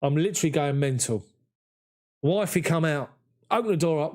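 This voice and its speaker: A man, hosting a live fan chat after a match and reading viewer comments in an excitable, chatty way. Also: a little high, moderate pace, pauses often. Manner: excitable, chatty, mimics voices in anecdotes. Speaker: fan channel host.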